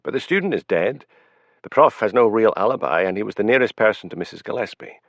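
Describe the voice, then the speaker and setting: A male audiobook narrator voicing a wry, stubborn Highland police sergeant with a Scottish accent and a dry, sarcastic manner. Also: expressive, quick pace, dry recording. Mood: musing.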